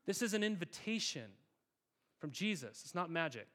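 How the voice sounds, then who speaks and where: Fairly high-voiced man preaching casually. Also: sing-song, normal speed, a bit bright. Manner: conversational, emphatic, repeats words. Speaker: pastor. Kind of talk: sermon.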